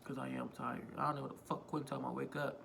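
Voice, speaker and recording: A man's voice: medium pitch, level tone, fast, gravelly, noisy background. A man vlogging a casual storytime on a phone, rambling, repeating himself and swearing freely. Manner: rambling, profane, self-repeating.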